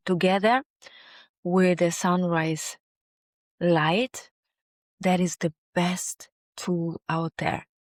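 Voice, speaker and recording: A woman's voice: fairly low pitch, no room sound. A woman in her forties hosting a health vlog, telling a personal story in an emphatic, earnest way with slightly non-native phrasing. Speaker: health video host.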